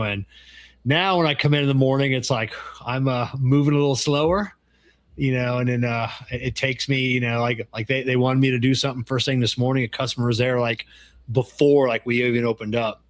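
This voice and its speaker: A middle-aged man in loose podcast conversation, his voice at an ordinary middle pitch. He tells stories with animation, acting out the lines of others, and swears freely. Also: brisk. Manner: animated storyteller, acts out quoted dialogue, swears freely. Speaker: podcast co-host. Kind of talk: casual chat.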